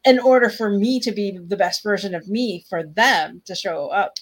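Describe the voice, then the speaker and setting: A woman's voice: medium pitch, normal speed. A woman talking casually as a guest, hesitant and restarting her sentences, laughing now and then. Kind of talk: casual conversation.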